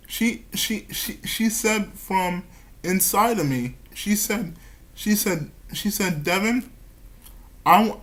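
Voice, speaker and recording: A man talking about his personal life in a vlog, halting and stammering, repeating his words and giggling nervously between phrases. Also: high voice, a bit bright. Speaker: vlogger.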